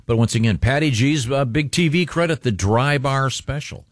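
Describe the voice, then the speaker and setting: A man hosting a morning radio show, chatting casually and plugging a cohost's special with halting fillers. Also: medium pitch, dry recording, studio quality.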